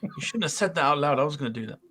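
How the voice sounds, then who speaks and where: A man hosts a laid-back podcast with a bright, forceful tone. His speech rambles along with frequent fillers like "um" and "uh", and he keeps the chat loose and friendly. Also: on the high side, expressive, rapid-fire, breathy edge. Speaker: podcast host.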